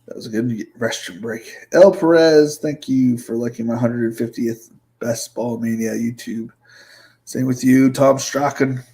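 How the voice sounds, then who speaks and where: Husky guy a bit out of breath, muttering thru his fantasy drafts, loose and swearing, mid-pitched. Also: steady tone, measured pace, warm tone, rough recording. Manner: thinks aloud, loose and profane, muttering asides. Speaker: fantasy sports streamer. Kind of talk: casual livestream commentary.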